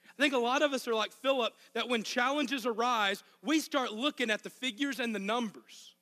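High bright-voiced Arkansas preacher. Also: male voice, moderate pace. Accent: Arkansas Southern US. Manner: impassioned, emphatic repetition. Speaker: pastor. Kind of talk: sermon. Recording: long hall reverb.

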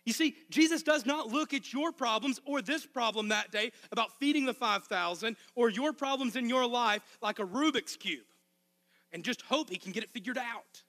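Arkansas-accented male pastor, high and bright, preaching with passion in a reverberant hall. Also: normal speed. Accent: Arkansas Southern US. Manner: impassioned, emphatic repetition. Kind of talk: sermon.

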